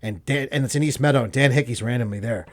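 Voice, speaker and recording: A man from Long Island, a pro wrestler guest in a podcast studio, telling stories with lively energy and acting out the voices in them. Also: medium pitch, fast talker. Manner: animated storyteller, acts out the voices in his stories. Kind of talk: casual podcast chat.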